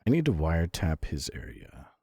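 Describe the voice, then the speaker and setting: A male streamer in easygoing gaming commentary with a low voice that swings up and down a lot. He talks in a chatty way, laughs often and swears freely. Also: huge pitch swings, moderate pace, creaky, mellow, breathy edge, dry recording, clean studio sound.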